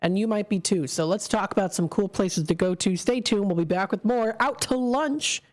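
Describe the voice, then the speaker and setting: On a studio mic, a woman hosts a live local radio show, reading promos and chatting in an upbeat, friendly way, though she stumbles over names. Her voice is medium-pitched with a darkish tone at a normal speed.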